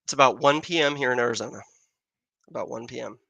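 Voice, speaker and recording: Talking fast in a gravelly, mid-range voice, an American man runs a casual astronomy livestream outdoors in Arizona with his telescope. His tone is bright and forceful as he rambles through answers to viewers, with no room sound.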